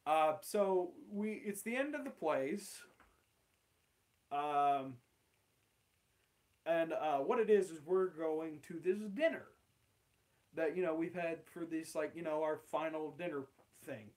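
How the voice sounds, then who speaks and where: A young man rambles through an awkward personal story in a casual, unscripted way. His voice sits a little higher than most men's. He swears freely and fills his talk with "like" and "um". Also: slow, long pauses, darkish tone. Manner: rambling, swearing, with laughs and many fillers. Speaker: channel host.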